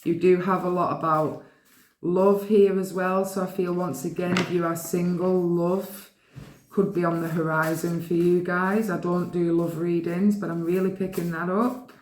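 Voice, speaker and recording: A woman giving a pick-a-card reading, gently and affectionately reading the card messages aloud to her viewers. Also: lowish voice, little pitch movement, normal speed, echoey room, a little hiss or hum. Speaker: tarot card reader.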